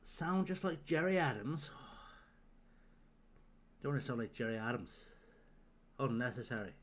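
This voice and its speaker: A young man talks over a live game stream in a voice of middling pitch. He fires off dry, sardonic jokes at his chat, liberally peppered with swearing. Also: lively intonation, measured pace, fairly bright tone. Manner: sardonic, profane joking to chat.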